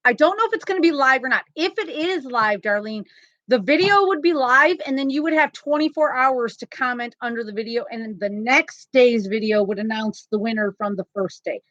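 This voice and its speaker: A woman's voice: on the high side, a little fast, a bit bright, no room sound. A woman hosting a casual crochet live stream from home, chatty and laughing often. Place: home, indoors. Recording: slightly dull lo-fi sound.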